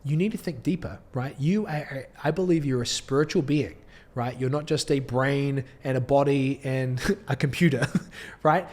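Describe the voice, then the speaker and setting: A man with a New Zealand accent talks straight to the camera like a business coach. He sounds earnest and a bit like a preacher, and he often restarts his sentences as he pushes his listeners to dig deeper. His voice sits at a middling pitch. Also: normal speed, darkish tone. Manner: earnest, preachy, with frequent restarts and light laughs. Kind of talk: direct-to-camera motivational talk. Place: indoor filming setup.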